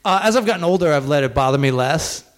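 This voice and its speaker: A man hosting a podcast, telling a stand-up story in profane, animated bursts that climb toward shouting. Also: fairly high pitch, fast talker. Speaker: podcast host and stand-up comedian. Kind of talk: casual podcast chat.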